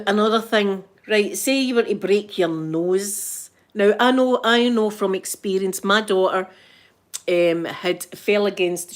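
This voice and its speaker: A Scottish woman with a thick accent chats casually on a live stream. She is middle-aged and talkative, breaking into laughs and playful impressions. Her pitch sits at an ordinary middle height for a woman. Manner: chatty, laughs often, mimics voices. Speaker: ASMR livestream host.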